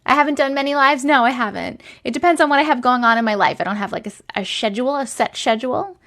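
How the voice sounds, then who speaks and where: A woman's voice: sits high, quick pace, a bit bright. Chatty woman greeting livestream viewers. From Long Island, New York. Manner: chatty, greets viewers by name with rising lilt. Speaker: TikTok live host. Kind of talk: casual livestream chat.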